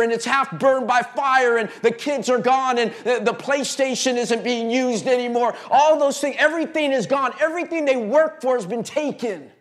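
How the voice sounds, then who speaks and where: Pastor guy preaching in church, really high voice, fired up, keeps repeating himself and dropping quiet. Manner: impassioned, repetitive preaching with stammered restarts and sudden drops to a hush. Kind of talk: sermon.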